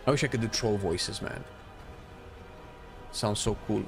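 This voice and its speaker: A man's voice: on the low side, a little slow, vocal fry, pauses often, over music. Chatty male streamer, jokes and thinks aloud over gameplay. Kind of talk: casual gameplay commentary.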